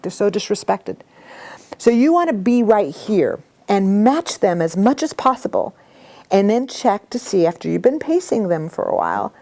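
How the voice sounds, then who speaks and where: A middle-aged woman teaching a communication workshop to a live group, talking in a lively, animated way. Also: mid-range voice. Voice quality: animated storytelling with acted quotes. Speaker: workshop instructor.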